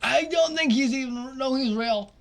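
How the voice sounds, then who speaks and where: A man commenting casually on a basketball simulation, muttering quietly at times and then breaking into loud, excited outbursts. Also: very high-pitched, normal speed. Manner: excitable, swings from mumbled asides to loud outbursts. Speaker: simulation gaming streamer.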